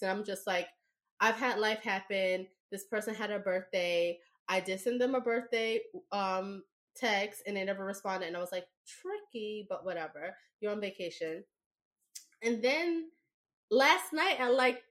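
A young woman co-hosting a podcast, telling a story in a blunt, profane, animated way. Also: mid-range voice. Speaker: podcast co-host. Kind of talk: casual podcast chat.

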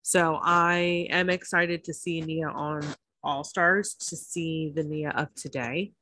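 A woman podcast co-host in casual chat, talking fast with swearing and animated asides. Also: low voice, a little hiss or hum. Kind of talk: casual chat about reality TV.

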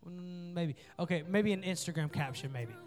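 Young guy youth pastor, high voice, joking around and fired up, faint music behind. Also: normal speed. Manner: joking, playful and energetic with the crowd. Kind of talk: sermon.

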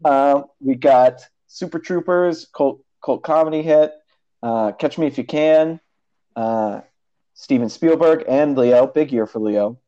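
A man's voice: mid-range voice, unhurried, warm tone. A young man co-hosting a podcast, chatting casually and rambling with frequent laughs. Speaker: podcast co-host. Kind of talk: casual chat. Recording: dull lo-fi audio.

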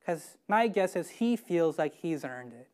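A woman's voice: low-pitched, lively intonation, measured pace, darkish tone. A woman preaching a sermon, emphatic and often putting questions to her listeners. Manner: emphatic, asks the congregation questions.

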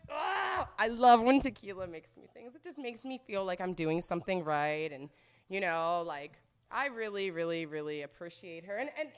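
A woman's voice: medium pitch, clean tone. A woman hosting a comedy show, rambling through a casual, profane, joking monologue. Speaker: host of a comedy show about sex.

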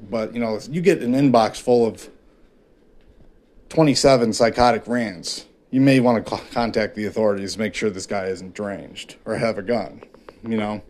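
A man's voice: mid-range voice, a little mellow. Rambling, foul-mouthed man podcasting alone. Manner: rambling, heavy swearing, many fillers; self-deprecating and frank. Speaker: podcast host. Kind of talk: confessional solo podcast monologue.

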